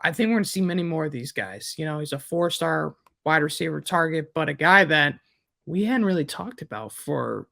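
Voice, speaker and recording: A man's voice: a little high, animated, fairly quick, gravelly, pushed and bright, no room sound, studio quality. A man with a Midwestern American accent, co-hosting a sports podcast in a rambling way, with many fillers and restarts. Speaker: recruiting analyst co-host. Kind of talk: casual sports podcast chat.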